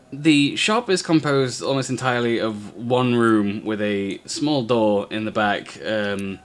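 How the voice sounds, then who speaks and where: A man narrating a tabletop game as game master, halting, with many fillers. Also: on the low side.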